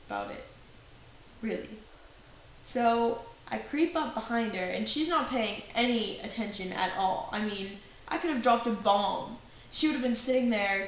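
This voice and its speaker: A young woman telling a personal prank story to her acting class, with lively asides and a chatty delivery. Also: mid-range voice, creaky. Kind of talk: personal anecdote told to a class. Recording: very echoey room with faint background noise.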